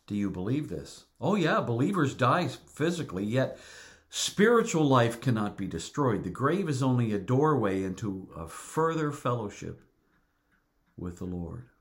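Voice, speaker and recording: A middle-aged male pastor preaching a sermon, earnest and deliberate, repeating words for emphasis. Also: mid-range voice, very animated.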